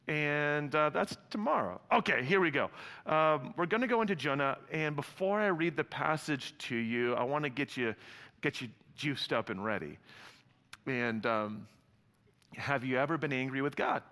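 Bright-voiced pastor preaching in a hall. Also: male voice, a little high, moderate pace. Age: adult with young sons. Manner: lively, joking, conversational preaching. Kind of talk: sermon. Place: church hall before a congregation. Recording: long hall reverb.

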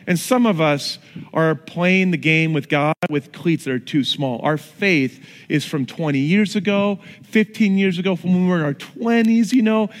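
A middle-aged man preaching a sermon, telling stories with lively, animated swings in his voice. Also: on the high side, in a large hall. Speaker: pastor.

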